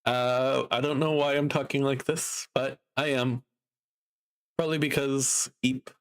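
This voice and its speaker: Sleepy, gravelly-voiced man streaming. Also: mid-range voice, flat delivery. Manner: slow, drowsy, rambling with many fillers. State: sleepy and low in mood. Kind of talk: casual live-stream chat.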